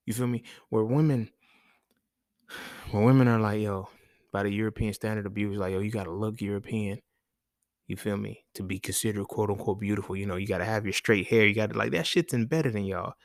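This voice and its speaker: A man with a lowish voice delivers a frank, profane solo monologue and keeps checking in with his listeners. The recording is dry and close, with no room sound. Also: fairly bright tone, no echo. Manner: blunt, profane, repeats "you feel me". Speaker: podcast host. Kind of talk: casual monologue.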